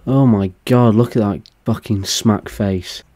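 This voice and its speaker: A man's voice: lowish voice, unhurried, dark tone. Sweary British man reacting bluntly. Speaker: streamer reacting to videos. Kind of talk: profane reaction commentary.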